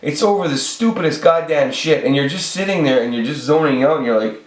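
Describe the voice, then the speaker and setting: A man's voice: a little high, brisk. A man in his forties ranting off the cuff on his video channel, rambling and swearing, with many restarts. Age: 40s. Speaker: channel host. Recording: echoey room.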